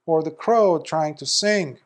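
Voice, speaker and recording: A man, a Buddhist monk, giving a storytelling Dharma talk and acting out the people in the tale. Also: takes it slowly. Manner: animated storyteller, acting out quoted speakers with big jumps in pitch and loudness.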